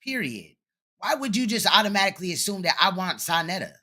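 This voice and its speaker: A commentator with a bright, forceful voice talks over a replayed livestream. The delivery is blunt, sarcastic and profane, with pointed rhetorical questions. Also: mid-range voice, sing-song, a little fast. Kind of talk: reaction commentary on a livestream clip.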